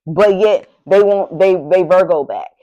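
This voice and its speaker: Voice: mid-range voice, unhurried, warm tone, lo-fi sound. An adult tarot reader doing a casual reading to camera, speaking bluntly and emphatically with lots of profanity and a heated, ranting delivery.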